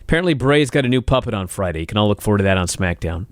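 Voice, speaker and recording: A man's voice: fairly low pitch, animated, racing, dry recording. A man co-hosting a podcast, giving a wry, running rundown of a wrestling show's segments in casual chat. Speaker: podcast co-host.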